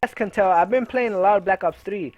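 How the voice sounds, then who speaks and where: A man's voice: high voice, a little fast, darkish tone, dry recording, dull audio. A young man telling a rambling, profane personal story in a casual way over gameplay, full of fillers. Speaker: gaming video creator.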